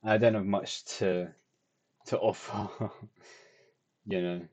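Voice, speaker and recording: A man's voice: lowish voice, level tone, slow pace, a little mellow. A tired young man, rambling and self-deprecating as he talks through his drawing in a casual video diary. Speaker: vlogger.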